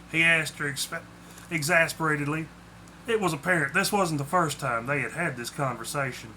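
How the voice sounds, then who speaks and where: Man reading his own story, high bright voice, faint hiss behind. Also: low-quality recording. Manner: plainly spoken with small slips. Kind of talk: storybook narration.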